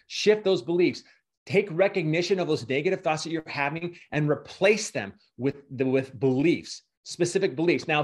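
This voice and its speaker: A middle-aged man giving an earnest, emotional motivational talk as a guest speaker. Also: fairly high pitch.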